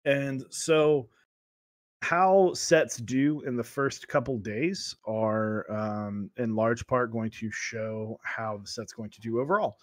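Male co-host, casual, filler-heavy, average pitch, dry close sound. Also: slow, dry recording. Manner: loose and chatty, many fillers. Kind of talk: casual chat.

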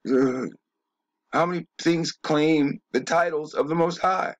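A man's voice: on the high side, steady tone, measured pace, no room sound, muffled recording. A man delivering a rambling, emphatic monologue, often swearing and throwing in rhetorical questions. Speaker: video commentator.

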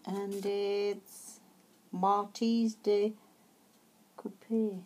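Woman, crafting show-and-tell, slow talker, lots of ums and restarts. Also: mid-range voice, little pitch movement, a little mellow. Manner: chatty, hesitant, many fillers and restarts. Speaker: craft vlogger.

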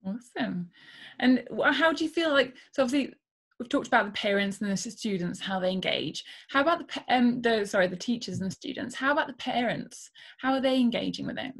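A woman's voice: on the high side, lively intonation, a little fast, husky. Enthusiastic woman hosting a podcast. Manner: enthusiastic, rephrases her questions as she goes. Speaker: podcast host. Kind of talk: casual podcast interview.

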